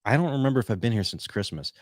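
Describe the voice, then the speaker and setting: A man's voice: mid-range voice, expressive, very fast, dry recording. A man hosting his own podcast, talking casually and rambling, with lots of fillers and restarts, close on a studio mic. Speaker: podcast host. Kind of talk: casual solo podcast talk. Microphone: studio podcast mic on boom arm.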